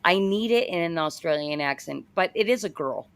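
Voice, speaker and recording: A woman's voice: lowish voice, animated, normal speed, crowd noise. A woman with an American accent hosting a live-stream interview, upbeat, chatty and joking. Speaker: host.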